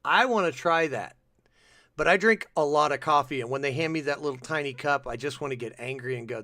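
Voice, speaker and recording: A man co-hosting a podcast, chatting casually and telling rambling, animated stories. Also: mid-range voice, a little fast, no room sound, clean studio sound. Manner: rambling, animated storytelling with restarts. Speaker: podcast co-host. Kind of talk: casual chat.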